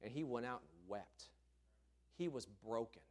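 A man's voice: fairly low pitch, animated, a little slow. A man preaching a sermon, telling a story emphatically and expressively.

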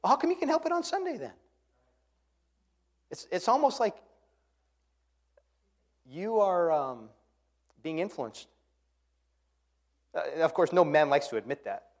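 A man preaching a sermon, swinging between quiet, earnest passages and loud, impassioned ones. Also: fairly high pitch, big pitch swings, unhurried, pauses often. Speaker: pastor.

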